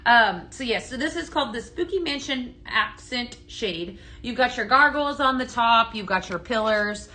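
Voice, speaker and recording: A woman's voice: a little high, lively intonation, moderate pace, few pauses, sharp tone. A woman hosting a live-stream product demo, chatty and upbeat, often tagging her sentences with "right?" and greeting viewers by name. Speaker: live-stream sales host.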